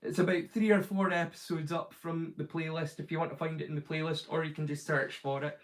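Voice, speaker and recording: A man's voice: fairly high pitch, little pitch movement, fairly quick, poor audio. Rambling man, chatty streamer. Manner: rambling, loose, lots of "like" fillers and restarts. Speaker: streamer, host. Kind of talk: casual live-stream chat.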